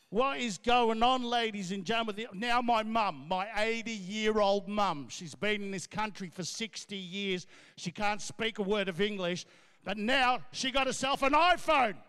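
Brash comic, high bright voice. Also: male voice, smooth. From Australia. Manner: brash, loud, rapid riffing. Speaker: comedian and MC. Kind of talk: stand-up comedy. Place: large gala ballroom. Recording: echoey ballroom, long reverb.

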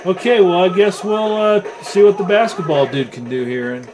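A man giving casual gameplay commentary while reviewing a retro games console, excitable and swearing as he trash-talks the game. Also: high-pitched, normal speed. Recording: loud game music behind the voice. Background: loud arcade game music.

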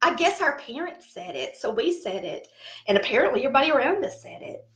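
Very animated and fast, a high-voiced middle-aged woman from the Southern United States chats casually, telling stories and laughing at herself. She hosts a cooking channel, speaks with a Southern American accent, and sounds reverberant.

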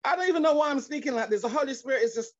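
A high-pitched woman preaching with fervour, her words tumbling out in restarts and repetitions before rising into cries of praise. She comes through a dull, lo-fi video call line. The sound is dry and close, with no room around it. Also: lively intonation, racing, no echo. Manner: fervent, repetitive, stumbling restarts, rising into exclamations. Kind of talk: sermon.

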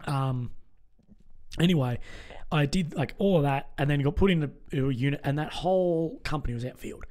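A young Australian man telling stories in a relaxed chat, with lots of fillers. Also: on the high side, moderate pace. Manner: chatty storytelling, many fillers. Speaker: host. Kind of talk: casual chat.

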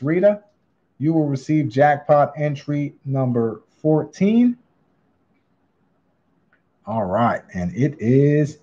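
A man hosts a live coin auction, stretching out his bid calls with an upbeat patter. His delivery is unhurried and his tone is soft and mellow, sitting a touch higher than usual. The recording sounds dull and lo-fi. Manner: drawn-out bid calling, upbeat hype. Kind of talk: live online auction calling.

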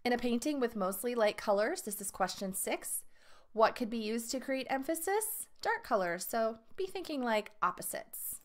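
A woman's voice: fairly high pitch, lively intonation, moderate pace. A woman art teacher reading test review questions and lesson text aloud to her students, with her own asides. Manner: reads questions and answer choices aloud, adds asides to students.

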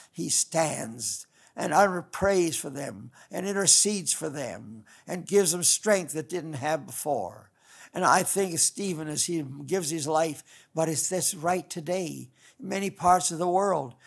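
An older man preaches a sermon in a homespun, wandering style, often restarting his sentences. His voice sits a little high for a man and has a gravelly, creaky edge. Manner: folksy, rambling preaching with restarts. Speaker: pastor.

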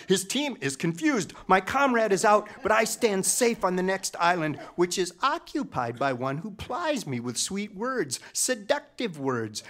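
A middle-aged man tells a comic story with wry timing and mock-epic grandeur. His voice is high and swells dramatically at its peaks. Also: big pitch swings, moderate pace, hardly any pauses, pushed and bright.

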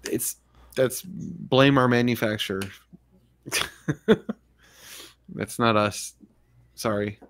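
A man's voice: medium pitch, fairly even intonation, very slow, long pauses, fairly bright tone. A man hosting a casual livestream chat, talking in a laid-back, rambling way and laughing often. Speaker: podcast host.

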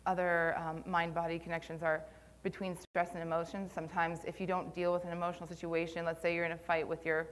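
A young woman giving a live conference talk on posture, conversational and a little nervous, with plenty of ums. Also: fairly low pitch. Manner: conversational, filler-heavy, slightly nervous. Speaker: conference speaker on posture and Pilates. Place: conference room.

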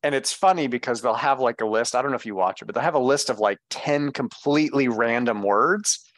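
A man co-hosting a podcast in casual political chat, animated and peppering his points with "right?". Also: mid-range voice, a little fast, no echo. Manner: animated, talks in run-on asides with frequent "right?". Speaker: podcast co-host.

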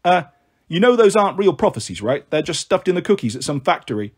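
A man's voice: high-pitched, big pitch swings, fast talker, husky, full character voice. A man reading a wary teenage boy hero. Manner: blurting, wary.

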